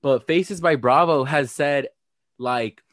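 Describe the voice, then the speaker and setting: A man's voice: on the high side, slow, fairly bright tone, dry recording, clean studio sound. A man co-hosting a casual, profane chat that recaps a reality show, acting out the cast's lines as he goes. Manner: sassy, profane, quotes the cast in a put-on voice. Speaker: podcast co-host.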